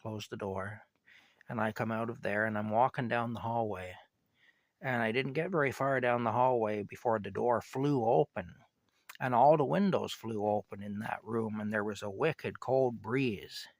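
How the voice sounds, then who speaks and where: Gravelly older man telling a story. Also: lowish voice, normal speed, dry recording. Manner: rambling, conversational, frequent "anyway" and "you know". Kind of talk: casual personal storytelling.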